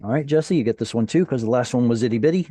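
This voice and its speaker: A man's voice: mid-range voice, rapid-fire, dark tone, no room sound. A man teaching a Hebrew class over a video call, patiently explaining and quizzing his students.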